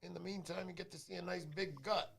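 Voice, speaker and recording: Chatty high-voiced New man. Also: steady tone, a little fast, creaky, a little hiss or hum. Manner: chatty, joking, greets viewers by name. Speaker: livestream host. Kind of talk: casual livestream chat.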